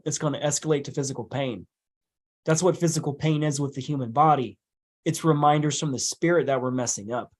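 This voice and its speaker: Emphatic, blunt man with a higher voice. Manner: emphatic, blunt, swears casually. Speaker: podcast guest, hypnotist. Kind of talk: casual conversation.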